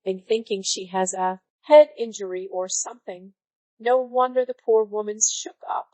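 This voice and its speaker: A woman's text-to-speech voice reading online stories aloud in an even, synthetic-sounding delivery. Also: medium pitch, normal speed, no room sound, poor audio. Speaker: story narrator.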